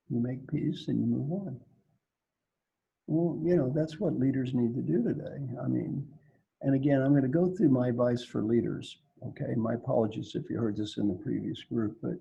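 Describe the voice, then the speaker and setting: A man working as an executive coach tells stories during an online Q&A for leaders, animated and playing out each character. The audio is dull, and his mid-range voice is gravelly and husky.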